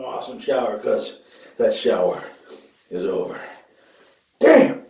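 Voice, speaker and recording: A man's voice: medium pitch, lively intonation, measured pace, creaky, a little mellow, distant mic. A man, talking casually to camera in a profane, joking vlog, whooping as he goes. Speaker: vlogger. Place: outdoor shower. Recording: echoey, from off the mic, with running water.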